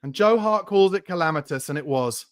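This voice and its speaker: Hosting a live fan watchalong, this man gives play-by-play commentary and angry, profane rants about his team, shouting in bursts. His voice sits on the high side, clear and resonant, with lively intonation and a fairly quick pace.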